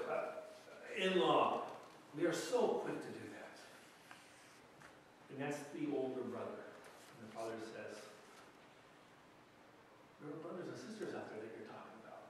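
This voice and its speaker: A man's voice: mid-range voice, far from the mic, a little hiss or hum. A man preaching a sermon as pastor, conversational and storytelling, sometimes acting out quoted voices. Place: church sanctuary. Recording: very echoey church hall from afar.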